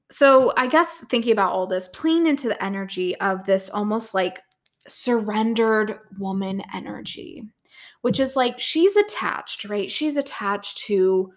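A young adult woman hosting a podcast, talking through a motivational lesson in a chatty, casual way, tossing in "right?", filler words and the odd swear. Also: medium pitch. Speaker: podcast host and business coach.

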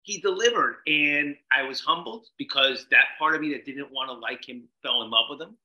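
A man guesting on a podcast, telling a story in an animated way, acting out quotes and swearing casually. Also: mid-range voice, normal speed, roomy sound, rough recording.

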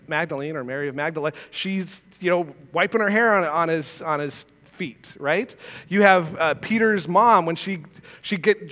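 A man's voice: high-pitched, a bit bright, long reverb tail. A man preaching a sermon as pastor, earnest and conversational, asking his listeners rhetorical questions. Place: church sanctuary.

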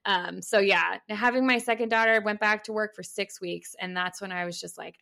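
A woman's voice: medium pitch, fairly even intonation, moderate pace, creaky, hardly any pauses, bright, forceful tone. A woman in her thirties, a podcast guest talking casually in an upbeat, chatty way with lots of "like". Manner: upbeat, chatty, says "like" often. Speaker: podcast guest, parental leave consultant. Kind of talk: casual chat.

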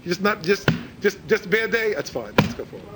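Animated, lively-voiced man teaching religion. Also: brisk, very noisy. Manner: animated, repeats words while searching for phrasing; acts out quoted speakers in a higher voice. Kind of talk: informal religious lecture.

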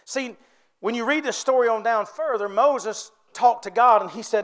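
A man's voice: extremely high pitch, normal speed, fairly bright tone. A man preaching a sermon with fervor, calling out to his congregation for responses. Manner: fervent, calls out to the congregation for responses.

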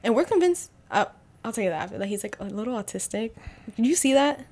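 A woman's voice: fairly high pitch, big pitch swings, fast, darkish tone. A young adult woman in casual chat, telling a story and acting out the dialogue with animation. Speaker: podcast guest.

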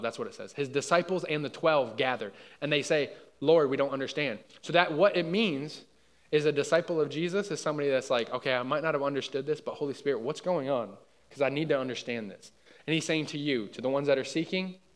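A young adult man preaching a sermon in a casual, conversational way, often checking that listeners follow and dropping quiet on personal asides. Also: on the high side. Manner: conversational, asks the room for agreement.

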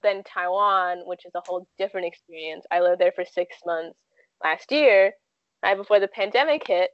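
A woman's voice: fairly low pitch, moderate pace, no echo, muffled recording. A woman in her twenties telling stories casually in an interview, with lots of "like" and "um" fillers. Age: 20s. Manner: chatty, frequent "like" and "um" fillers. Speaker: guest.

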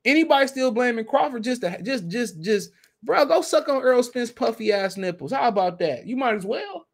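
Guy with a really high voice going off on a podcast rant, swearing a lot, repeating himself. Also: expressive, a little fast, gravelly. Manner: heated, profane, repetitive ranting. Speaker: podcast host.

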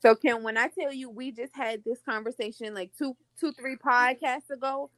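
A woman's voice: high voice, fairly even intonation, normal speed, no room sound. A woman co-hosting a podcast, talking in a chatty way with many "like" fillers. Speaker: podcast co-host. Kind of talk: casual chat.

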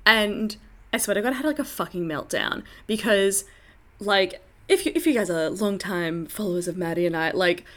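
A young woman co-hosts a laid-back podcast. She keeps the conversation moving with chatty, quick asides. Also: medium pitch. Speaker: podcast co-host. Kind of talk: casual chat.

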